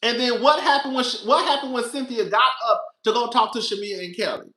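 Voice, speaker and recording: A man giving casual, animated commentary on a reality show, talking straight to his viewers and calling them girl and baby. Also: very high voice, brisk, echoey room.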